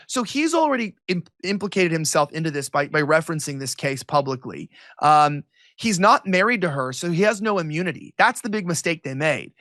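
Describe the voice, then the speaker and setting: A man's voice: high voice, fairly quick, pushed and bright, no echo, clean studio sound. A man from the United States, a guest in an interview, giving heated political commentary in a sarcastic, mocking way with many restarts.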